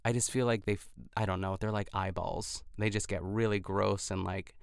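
A man's voice: lowish voice, fairly even intonation, normal speed, vocal fry, clear, resonant tone, dry recording, studio quality. A man hosting a podcast, recapping in casual chat and filling his talk with "like" and restarts. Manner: chatty, lots of "like" fillers and restarts. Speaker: podcast host.

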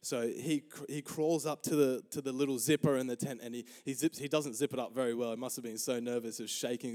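A man's voice: mid-range voice, fairly quick. A young man preaching in church, telling a funny story with lots of energy, acting out the voices and laughing as he goes. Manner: animated, acts out quotes, laughs often. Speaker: pastor. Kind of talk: storytelling sermon. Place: church auditorium.

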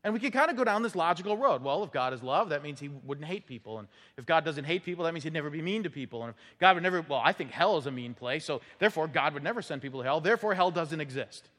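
A man preaching a sermon to his congregation, talking in a relaxed, conversational way and teasing the listeners now and then. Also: a little high, fast talker, few pauses. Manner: conversational, teasing, lively emphasis. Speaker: pastor. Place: church sanctuary. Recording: church hall with long reverb.

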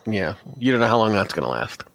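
A man's voice: on the low side, big pitch swings, quick pace, vocal fry, a bit bright, no room sound. A man running a tabletop horror game as game master, giving casual, matter-of-fact rulings.

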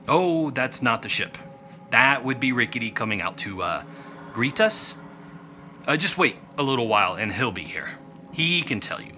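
A man narrating a tabletop game as game master, telling it in an animated, quick way. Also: medium pitch, slight background noise.

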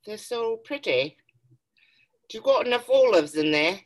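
A woman's voice: mid-range voice, lively intonation, moderate pace, close to an everyday voice. A woman doing a chummy British-accented lady. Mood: playful. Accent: put-on British. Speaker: podcast co-host. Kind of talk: casual chat in a put-on voice.

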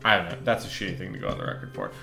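A woman co-hosts a casual podcast with a bright, sharp tone. She rambles, restarts her sentences and hedges her thoughts. Faint music sits under the talk. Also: very deep voice, sing-song, very fast, gravelly. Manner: rambling, hesitant, many restarts and fillers. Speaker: podcast co-host. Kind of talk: casual chat.

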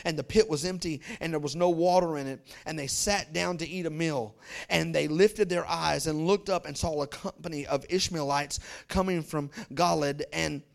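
Gravelly high-voiced preacher man. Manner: lively storytelling, acting out characters in quick voices; colloquial, calls out to congregation. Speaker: pastor. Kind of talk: sermon.

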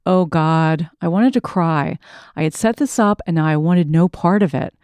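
Woman podcast host, expressive memoir reading, lowish warm voice, dry close mic. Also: moderate pace, no echo.

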